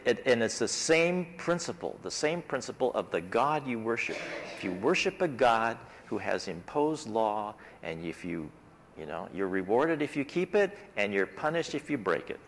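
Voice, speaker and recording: A man leading a Sabbath School Bible class in casual, conversational talk with his group. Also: lowish voice. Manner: conversational, talks things through with the class. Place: church classroom. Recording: reverberant church hall.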